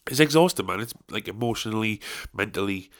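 Speaking fast in a lowish, expressive voice, this young podcast host sounds tired as he rambles through a casual solo episode, swearing and putting himself down.

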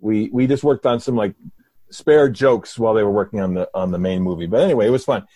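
A middle-aged man, a comedy writer, telling an anecdote in a lively, halting way full of restarts over a video call. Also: lowish voice, dry recording, studio quality. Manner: animated, halting storyteller with many restarts. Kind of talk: casual storytelling.

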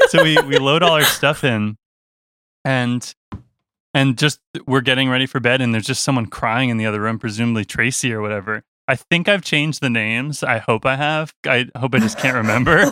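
A young man, a touring musician, telling a story in a casual chat, animated and laughing, slipping into voices for the people he quotes. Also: medium pitch, normal speed, a little hiss or hum.

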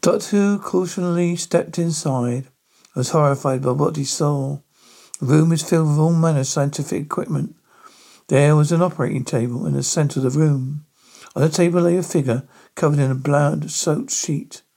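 A man reading a spooky story aloud in a halting manner, stumbling over words. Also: fairly high pitch, gravelly, dark tone. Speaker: narrator.

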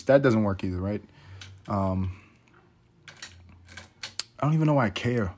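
A man's voice: lowish voice, animated, moderate pace, pauses often, a little mellow. A man hosting a podcast, talking in a rambling, profane, wry casual monologue. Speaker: podcast host. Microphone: podcast mic.

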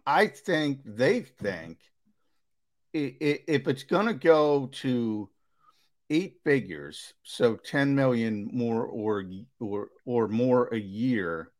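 Lively-pitched man explaining on sports radio. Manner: measured, explanatory, with fillers and restarts, lively pitch. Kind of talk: sports talk radio analysis.

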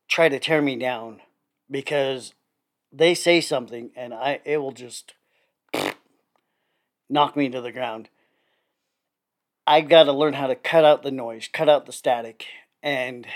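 A middle-aged man in casual podcast chat, blunt and profane, laughing often between remarks. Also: medium pitch. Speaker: podcast co-host.

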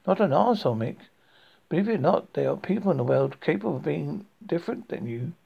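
Man voicing a cold vengeful wife, curt, husky, gravelly. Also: a little high, animated, fast talker, lo-fi sound, exaggerated voice.

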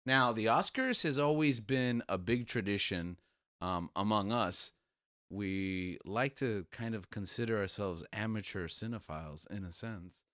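A male podcast host with a lowish voice talks through casual chat in an easy, rambling way. His sound is dry and close, with no room echo. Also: unhurried, fairly bright tone.

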